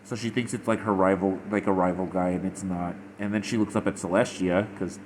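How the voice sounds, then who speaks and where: A man's voice: low-pitched, steady tone, brisk, a little hiss or hum, low-quality recording. A young man casually retelling and reviewing a story, rambling and full of fillers. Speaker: fanfiction reviewer.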